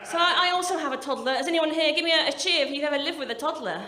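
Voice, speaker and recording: Racing along in a high voice, a woman in her 40s from the English Midlands does sweary, wry stand-up, chatting and putting herself down. The comedy club is echoey, and the crowd laughs.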